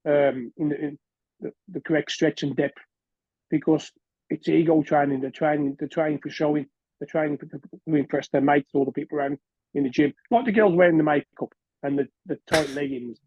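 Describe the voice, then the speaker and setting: A man's voice: a little high, fairly even intonation, a little fast, husky, no room sound. A man with a slightly raised voice explains gym habits in an earnest, casual way. His mic sounds dull and muffled, with a dry, close sound. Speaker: podcast co-host. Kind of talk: casual podcast chat.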